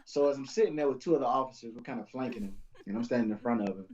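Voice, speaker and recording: A young male police officer talks as a guest on a stream, relaxed and easygoing as he tells stories, his voice sitting at an ordinary middle pitch. His audio comes through a bit dull and lo-fi. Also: very fast. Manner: laid-back, easygoing storyteller. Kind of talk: casual interview chat, storytelling.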